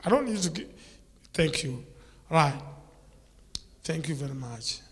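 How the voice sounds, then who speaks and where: A man with a Kenyan English accent preaching a sermon as a bishop, repetitive and swinging between soft murmurs and loud exclamations. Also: on the high side, animated, a little slow. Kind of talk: sermon with live interpretation. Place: church. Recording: church hall with long reverb.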